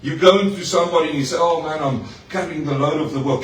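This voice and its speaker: A pastor preaching to his congregation, lively and personal, with playful asides and questions to the room. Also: on the high side, fast, slight background noise. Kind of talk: sermon. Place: church hall. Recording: echoey hall, mic far off.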